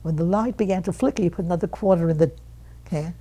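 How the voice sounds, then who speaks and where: Creaky-voiced woman of one hundred. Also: lowish voice, fast talker, low-quality recording. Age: 100. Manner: animated storyteller who acts out quoted relatives. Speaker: interviewee. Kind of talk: reminiscing storytelling.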